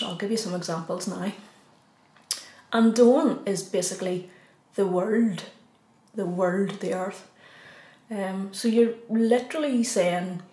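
Slow-speaking Irish woman teaching. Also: medium pitch, a little mellow. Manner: repeats each phrase slowly, then gives the English. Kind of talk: slow beginner language lesson. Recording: echoey room.

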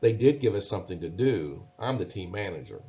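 A man's voice: sits low, lively intonation, fairly quick, dark tone. A man voicing a downcast young boy bear who asks questions, reading a storybook aloud. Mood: glum. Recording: dull lo-fi recording.

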